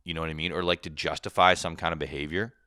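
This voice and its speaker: A man's voice: low voice, flat delivery, fast, bright, forceful tone, clear, resonant tone, dry recording, clean studio sound. A man in his thirties, a drunk podcast host, ranting in a profane, sarcastic casual way. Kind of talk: casual comedic rant.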